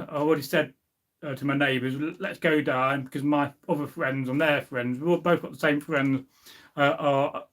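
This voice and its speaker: A man chats through a home live stream, his voice pitched a little high. He wanders from topic to topic and reads out comments from the chat. When he names a food, he stretches the word out slowly. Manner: rambling, reading out chat comments, drawn-out savoring of food words. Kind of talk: casual chat.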